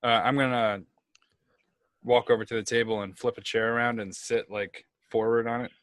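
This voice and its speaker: A man's voice: medium pitch, little pitch movement, normal speed, a bit bright, no echo, studio quality. A man playing in a tabletop role-playing game, cracking jokes and laughing often as he describes what his character does. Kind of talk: casual in-character play.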